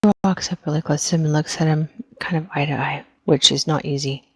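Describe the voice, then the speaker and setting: A woman's voice: sits low, fairly even intonation, a little fast, darkish tone, breathy edge, no echo. A woman player in a tabletop game, talking in a hesitant, rambling way. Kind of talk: casual tabletop game chat.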